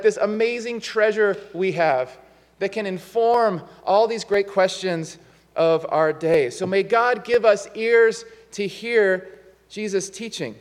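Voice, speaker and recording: Male pastor, sermon, high voice, chatty self-mocking storytelling, church with long reverb. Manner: conversational, self-deprecating storytelling. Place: church sanctuary.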